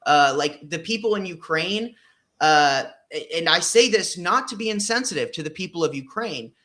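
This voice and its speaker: A man's voice: high-pitched, animated, normal speed, sharp tone. A man in casual podcast discussion, talking emphatically with frequent fillers and blunt profanity.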